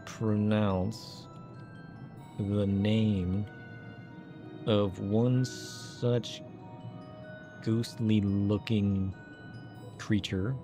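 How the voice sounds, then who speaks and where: A man streaming a game, joking and amused as he comments on it. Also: lowish voice. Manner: joking, amused, mock-puzzled. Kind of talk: playful live game commentary.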